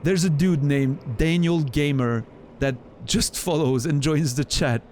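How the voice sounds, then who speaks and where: A man's voice: fairly high pitch, a little slow, a little mellow, slight background noise. A man streaming a game, chatting casually in a rambling way with many restarts while he plays. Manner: rambling, chatty storyteller with frequent laughs and restarts.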